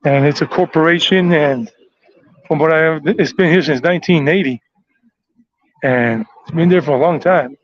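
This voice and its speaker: A man's voice: on the high side, moderate pace, no echo, lo-fi sound. An American man giving a rambling, chatty walking tour outdoors on city streets. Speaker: tour vlogger.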